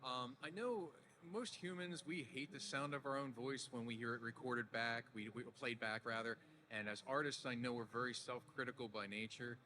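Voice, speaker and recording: A man moderating a convention panel, asking questions and calmly directing the audience into an orderly line. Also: mid-range voice, moderate pace, hardly any pauses, noisy background. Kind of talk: hosting a convention Q&A.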